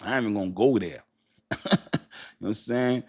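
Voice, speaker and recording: Husky-voiced man chatting on a livestream. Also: fairly low pitch, a little fast. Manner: chatty, laughs often, reads and answers chat. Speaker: crypto livestream host. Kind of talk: casual livestream chat.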